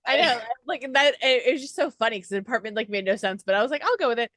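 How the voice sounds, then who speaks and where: A woman interviewer with a slightly high voice gushes at her guest in a casual, chatty way. Her sound is dry and close, with no room in it. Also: lively intonation, quick pace, a bit bright, dry recording. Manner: gushing, chatty, many fillers of "like". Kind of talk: casual chat.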